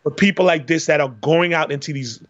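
A man's voice: on the high side, fairly quick. Rambling man with a dull, dry sound. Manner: rambling, filler-heavy, swears, acts out scenes. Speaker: podcast co-host. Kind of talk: casual movie review chat.

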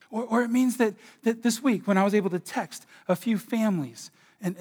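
A middle-aged man preaching a sermon as pastor, swinging between loud outbursts and quiet asides. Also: sits high.

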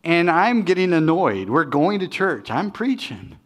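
A man's voice: fairly high pitch, sing-song, a little slow. A middle-aged man preaching as pastor, talking in a conversational, self-deprecating way with frequent restarts. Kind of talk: sermon with personal stories.

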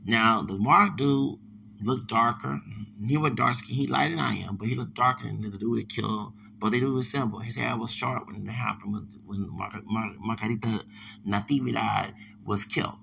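Gravelly Texan man rambling on podcast. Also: lowish voice, moderate pace, bright, forceful tone, slight background noise. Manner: digressive, repetitive, stumbling restarts.

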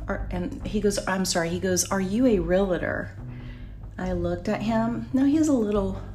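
A woman's voice: fairly low pitch, a little mellow. A woman hosting her own podcast, telling stories in a casual, rambling way, laughing and correcting herself as she goes while doing her makeup at home. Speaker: podcast host. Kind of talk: casual storytelling chat.

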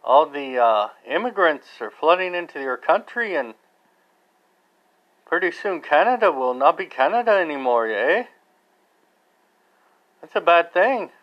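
A man's voice: fairly high pitch, sing-song, moderate pace, lo-fi sound. An American man hosting his own podcast, talking in a rambling, casual monologue full of fillers and restarts. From United States. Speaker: podcast host.

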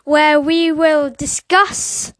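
Woman host, casual chat, very high voice, slow unhurried pace, dry close sound, offhand and giggly. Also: steady tone, fairly bright tone, no room sound.

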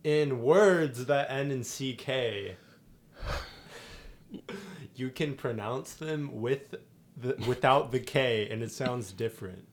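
A young man talking at an unhurried pace in a casual podcast chat. He jokes with a deadpan insistence, sticking to his bit while laughing often with friends. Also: medium pitch, slight background noise. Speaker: podcast co-host.

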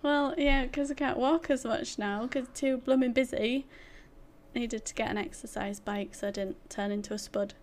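A woman's voice: on the high side, steady tone, darkish tone. Teasing woman in casual chat. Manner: teasing, quick reactions.

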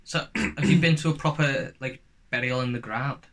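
A man co-hosting a casual podcast, his voice bright and forward. He talks freely, swears without thinking and cuts in with quick comments. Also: medium pitch. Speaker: podcast co-host. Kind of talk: casual chat.

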